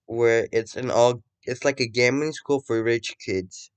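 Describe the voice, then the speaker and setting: A man's voice: medium pitch, steady tone, a little slow, clear, resonant tone. A young man improvising a fan story, rambling, swearing, and correcting himself often.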